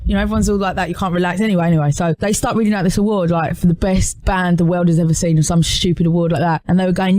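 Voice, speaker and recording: Animated woman, dry studio sound. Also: fast, no echo. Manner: animated, rambling storytelling with lively pitch jumps. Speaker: singer, interview guest. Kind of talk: casual interview chat. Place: radio studio.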